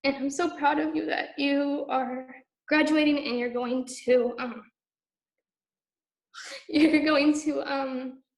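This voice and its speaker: Casting: emotional woman, slightly high voice, roomy echo on a video call. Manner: emotional, near tears.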